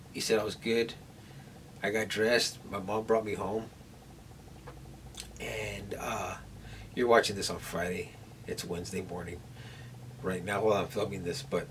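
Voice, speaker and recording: A man's voice: lowish voice, a little slow, pauses often. A man vlogging at home after surgery, telling a rambling story to the camera with many restarts, sore and in pain. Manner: rambling, nervous retelling with restarts. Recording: distant camera mic, faint room noise.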